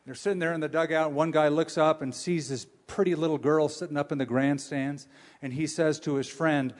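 Lively, joking preacher man. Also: a little high, a little fast. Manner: animated, humorous storytelling with audience questions. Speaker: pastor. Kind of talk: sermon.

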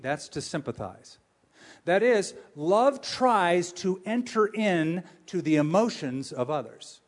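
Sex: man. Role: pastor. Style: sermon. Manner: animated, joking, asks the crowd questions. Pitch: fairly high for a man. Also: slow pace. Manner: animated, humorous storytelling with audience questions.

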